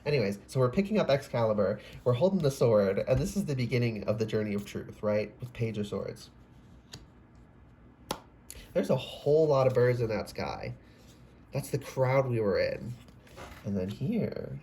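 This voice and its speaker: A man's voice: mid-range voice, lively intonation, normal speed, dark tone, slight background noise. A man giving a casual, rambling tarot reading, often breaking off mid-sentence, swearing and exclaiming. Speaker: tarot reader.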